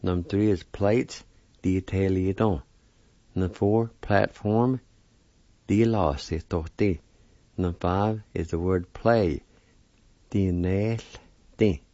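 A man's voice: low voice, mellow, dry recording, dull audio. A man giving a weekly radio language lesson, spelling out each word carefully and repeating it. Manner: slow, careful spelling and repetition of words.

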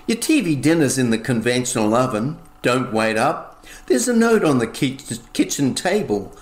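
A man's voice: medium pitch, big pitch swings, close to an everyday voice. A man voicing a wife who dismissively brushes off her husband, recorded with a roomy echo. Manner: brisk, offhand, dismissive. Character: brisk departing wife leaving her husband.

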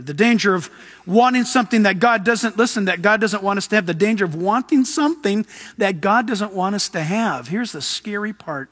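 A man's voice: high voice, animated, brisk, fairly bright tone, long reverb tail. A man preaching a sermon, telling stories and rising to emphatic exhortation.

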